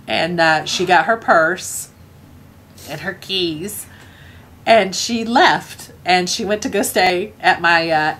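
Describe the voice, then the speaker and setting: A woman's voice: on the low side, a bit bright. A woman with a Scottish accent telling a family anecdote in a casual way, chuckling often and acting out what her parents said. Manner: chuckling, acts out family members' lines. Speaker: storyteller.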